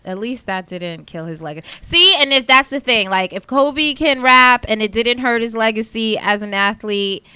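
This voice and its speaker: A woman hosting a sports talk podcast, upbeat and quick to react. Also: fairly high pitch, sharp tone, smooth, dry recording, clean studio sound. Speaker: podcast host. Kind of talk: casual chat.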